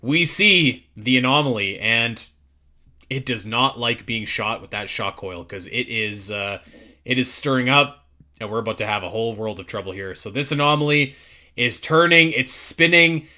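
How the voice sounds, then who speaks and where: A man's voice: mid-range voice, moderate pace, bright, forceful tone. A young man co-hosting a casual podcast, talking enthusiastically and emphatically with many restarts. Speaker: podcast co-host.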